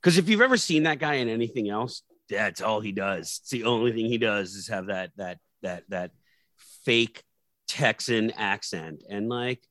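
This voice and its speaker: A man's voice: on the low side, moderate pace, a bit bright, no echo. A man co-hosting a casual podcast chat about a TV episode, opinionated and prone to long critical rants. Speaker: podcast co-host.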